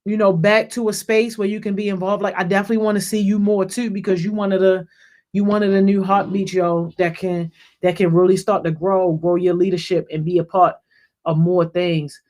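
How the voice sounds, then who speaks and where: Speaking a little fast, a youth program leader on a group call energetically encourages young members with casual shout-outs. He says "yo" all the time, repeats and restarts phrases, and gets louder and higher-pitched whenever he calls someone by name.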